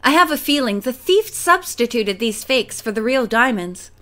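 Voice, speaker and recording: A woman reading the part of a calm, thoughtful teenage girl detective in an audiobook. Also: fairly high pitch, normal speed.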